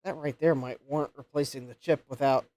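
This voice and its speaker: A man's voice: mid-range voice, fairly even intonation, brisk, a little mellow, dry recording, studio quality. A man hosting a live repair stream, thinking aloud and counting pins as he checks a circuit board. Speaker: host of a retro computer repair livestream.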